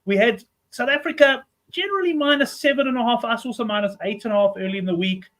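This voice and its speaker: A man hosting a rugby betting show, talking in a relaxed conversational way. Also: extremely high pitch, fast talker. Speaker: show host.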